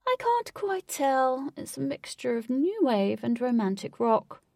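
Woman voicing a slow, musing creature mount. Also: high-pitched, sing-song, vocal fry, darkish tone, no echo, clean studio sound, pitched above the performer's own voice, full character voice.

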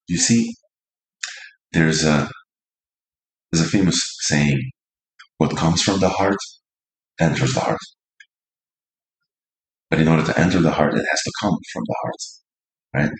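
A man with a very low voice gives an earnest lesson on how couples should listen to each other. He acts out little examples of how partners might talk. His voice carries the echo of a roomy space. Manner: earnest, demonstrates tones by acting out examples. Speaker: relationship coach. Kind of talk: teaching talk on couples mirroring.

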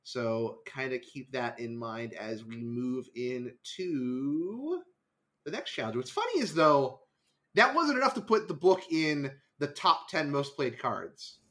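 A man hosting a casual card game podcast, animated, laughing often and quickly correcting himself. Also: medium pitch. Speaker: podcast host. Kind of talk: casual chat about card game results.

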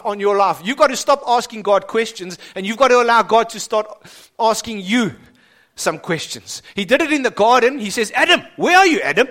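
A man preaching a sermon with dramatic swings between loud and soft, asking the congregation rhetorical questions. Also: high voice.

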